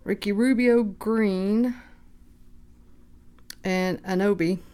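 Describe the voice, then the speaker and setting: A woman hosting a card break, calmly reading out player names and getting excited at good pulls. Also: medium pitch. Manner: unhurried, reads names aloud, bursts of excitement. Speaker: card shop host opening packs. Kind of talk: casual card-breaking commentary.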